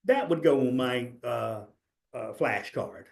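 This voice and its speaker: A man's voice: mid-range voice, expressive, takes it slowly, gravelly, a little mellow. A man giving a casual exam prep webinar, talking loosely with fillers, restarts and small jokes. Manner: loose, chatty, joking, many fillers and restarts.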